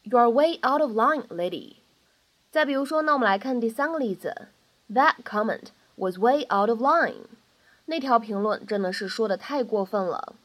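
A woman's voice: a little high, animated, normal speed. A woman narrating a pronunciation lesson, patiently explaining each point and saying each example phrase three times over. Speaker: English pronunciation teacher.

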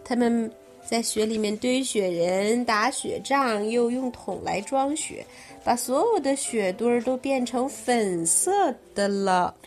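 A woman's voice: fairly high pitch, faint music behind. A woman reading a children's storybook aloud to her child, stopping to explain parts of it along the way. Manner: slow, lively reading with explanations in between. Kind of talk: bilingual storybook read-aloud.

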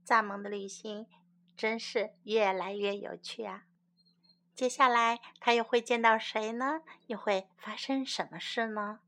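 A woman hosting a bilingual children's English lesson, explaining and coaxing gently. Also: on the high side, fairly even intonation, unhurried. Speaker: host and English teacher for children.

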